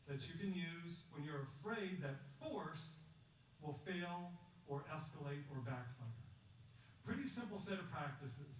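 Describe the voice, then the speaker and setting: A man giving a prepared public talk, measured and emphatic, telling a story and asking rhetorical questions. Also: on the high side. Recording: echoey distant recording with faint background noise.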